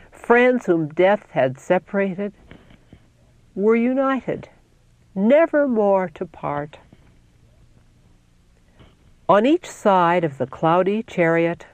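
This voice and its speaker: A very unhurried, solemn reading of a devotional text, each phrase set down with care. The voice sits at a middle pitch. It is recorded dry and close, with no room sound. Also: darkish tone, dry recording. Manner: slow, solemn, deliberate reading with scripture citations. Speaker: reader. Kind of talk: scripted religious reading.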